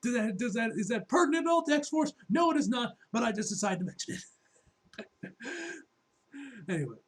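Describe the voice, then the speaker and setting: A man reacts to a comic in loose, rambling chat full of slang and cursing. His voice sits high for a man. It has a husky, breathy edge. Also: very animated, moderate pace. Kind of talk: casual comic book reaction.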